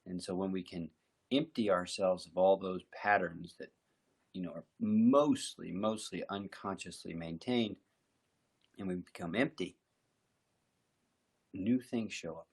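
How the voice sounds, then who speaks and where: A man giving a slow, reflective, conversational mindfulness talk as a meditation teacher. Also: low voice, creaky, a little mellow, breathy edge.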